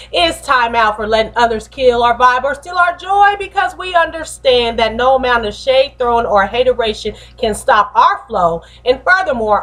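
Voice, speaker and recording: Woman host, high bright voice, slangy preacher energy, motivational talk. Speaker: host and pastor.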